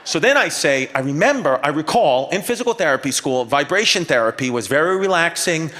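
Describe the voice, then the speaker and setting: A man performing live stand-up storytelling on a concert hall stage, animated and escalating, acting out the people in his story. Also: on the high side, a little fast. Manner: animated, escalating, acts out voices. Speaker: stand-up comedian.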